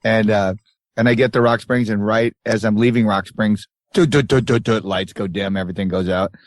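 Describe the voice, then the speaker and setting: A man's voice: on the low side, steady tone, fairly quick, no room sound. Dry, close-miked man telling stories. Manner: rambling anecdotes with acted-out quotes. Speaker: podcast co-host. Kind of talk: casual storytelling chat. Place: tour bus.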